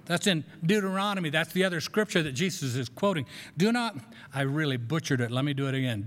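A man's voice: on the high side, animated, quick pace, fairly bright tone. Man preaching in an echoing hall. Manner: conversational, self-deprecating, with restarts. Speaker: pastor. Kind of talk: sermon. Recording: long echo of a large hall.

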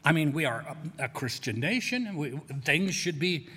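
A man's voice: on the high side, very animated, moderate pace, pushed and bright, husky, long reverb tail. A man preaching a sermon as pastor, who often restarts and repeats words while searching for them. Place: church sanctuary.

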